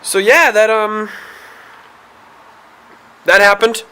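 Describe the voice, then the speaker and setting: A man's voice: high voice, slow pace, bright, forceful tone. A man hosting a video, talking casually to the camera in a hesitant way, with many fillers and restarts. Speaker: video host.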